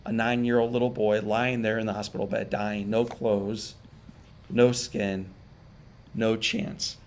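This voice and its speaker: A man giving an emotional inspirational keynote, telling a personal story with pauses and repeated phrases for emphasis. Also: on the low side, little pitch movement, a little hiss or hum. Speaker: motivational speaker. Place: virtual event stream.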